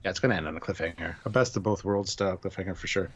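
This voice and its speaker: A man's voice: low-pitched, racing, slightly rough, dull audio. A man co-hosting a live stream discussion, talking in a laid-back, speculative way. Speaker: co-host.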